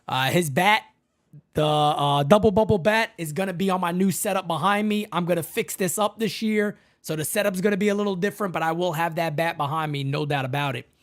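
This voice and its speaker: A woman hosting a fan channel in a casual live-stream sports chat from her home setup. She is excitable and chatty and keeps calling the audience "man" and "folks". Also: on the low side, brisk.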